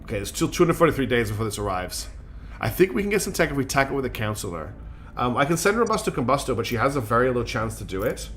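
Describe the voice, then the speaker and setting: Soft music plays behind a man talking fast in a bit-bright, medium-pitched voice with big pitch swings. Very tired, he streams a strategy game and rambles casually, full of fillers and jokes about himself.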